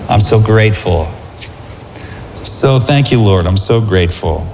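A man preaching a sermon to a congregation, lively and conversational, often asking them questions. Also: fairly low pitch, a little slow, vocal fry, a little hiss or hum. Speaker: pastor. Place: large church hall. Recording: hall reverb, faint room ambience.

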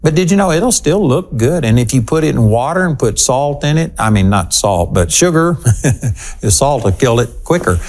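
Male TV preacher, mid-pitched, very animated delivery, dramatic pauses. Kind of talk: televised sermon.

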